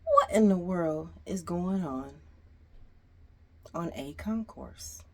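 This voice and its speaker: Husky, slow-talking exasperated woman. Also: lowish voice, lively intonation, darkish tone. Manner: sighing, exasperated, talks straight to viewers. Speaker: storyteller vlogger. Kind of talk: casual storytime venting.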